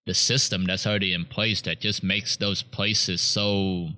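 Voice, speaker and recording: Relaxed low-voiced man joking around. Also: unhurried. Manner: loose, laughing, swearing banter. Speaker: podcast co-host. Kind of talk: casual chat.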